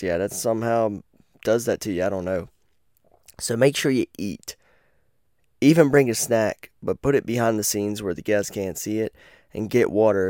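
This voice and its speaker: Sprawled on his bed, this male podcast host wanders from thought to thought, cursing often and tripping over words with frequent stutters and restarts. The voice is on the low side, smooth and darkish. Through headphones and a corded mic, it comes across studio-quality with no room sound at all.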